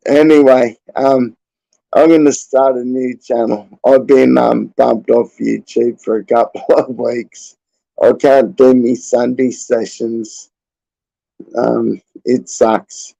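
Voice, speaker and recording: A man's voice: medium pitch, steady tone, takes it slowly, creaky, dark tone, no room sound, low-quality recording. An Australian man in his forties, rambling casually and chuckling often as he hosts his livestream. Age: 40s. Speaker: livestream host.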